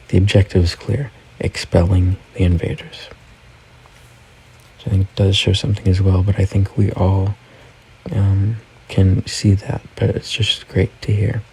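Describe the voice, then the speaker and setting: A man's voice: deep voice, flat delivery, measured pace, darkish tone, breathy edge, low-quality recording. A man hosting a casual news recap, talking through events and reading quotes aloud. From United States. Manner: conversational, reads quotes aloud.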